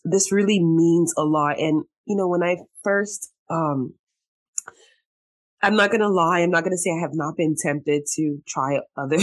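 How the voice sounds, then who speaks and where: Woman host, low-pitched, bubbly and emotional, laughs a lot in casual chat. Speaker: podcast host.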